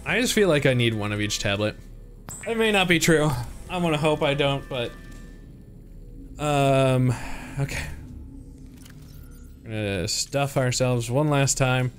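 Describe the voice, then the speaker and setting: A man's voice: medium pitch, animated, measured pace, long pauses, soft background music. A young man streaming a game, chatting playfully to his viewers and to the creatures on screen. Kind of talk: casual gameplay commentary.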